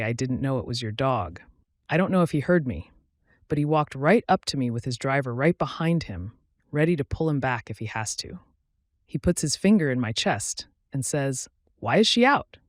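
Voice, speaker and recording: A man reading first-person stories aloud as scripted narration, in a steady, matter-of-fact way. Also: medium pitch, dry recording, clean studio sound. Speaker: story narrator.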